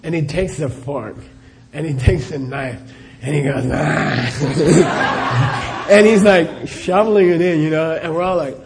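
A man's voice: a little high, moderate pace, few pauses, heavy background noise. A middle-aged man, a Buddhist teacher, answering questions in a live talk as a chatty storyteller who laughs often and says "you know" a lot.

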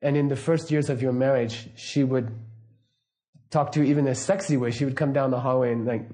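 A middle-aged man giving a casual, anecdotal teaching talk, relaxed and laughing often. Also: mid-range voice, a little fast. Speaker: Buddhist teacher.

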